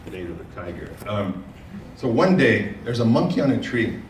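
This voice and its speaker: A man's voice: on the low side, big pitch swings, moderate pace, background noise. Man giving a folksy conference talk. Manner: folksy, repeats words and uses fillers. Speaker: conference speaker. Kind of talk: keynote talk with storytelling. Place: large conference room. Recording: echoey room, speaker far from mic.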